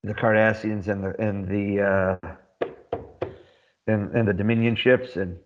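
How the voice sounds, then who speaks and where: A man in casual podcast chat, rambling excitedly and laughing often as he recaps. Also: fairly low pitch, measured pace, dull audio. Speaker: podcast co-host.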